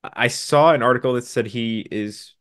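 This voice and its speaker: A man co-hosting a sports podcast, briskly running through signings and stats with dry, sarcastic asides. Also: medium pitch, fairly bright tone, no echo. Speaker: podcast co-host. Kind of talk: casual sports podcast chat.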